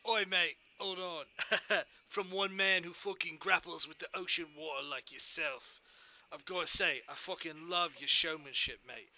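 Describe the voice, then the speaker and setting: A man's voice: on the high side, fairly even intonation, moderate pace, bright, forceful tone. A man playing a brash, profane sailor adventurer in a tabletop game, swearing constantly and calling everyone mate. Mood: swaggering.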